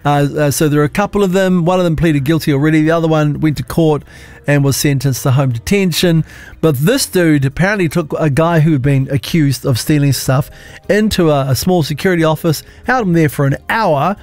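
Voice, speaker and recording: A man's voice: fairly high pitch, darkish tone, dry recording. A man with a New Zealand accent co-hosting breakfast radio, chatting casually and joking with his co-host. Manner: chatty, jokey, quick to laugh. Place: radio studio.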